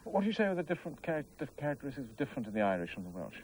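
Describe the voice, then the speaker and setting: Quick, lively male reporter asking questions. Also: medium pitch, slight background noise, rough recording. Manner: hesitant, fills with "uh" before questions. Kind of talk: interview questions.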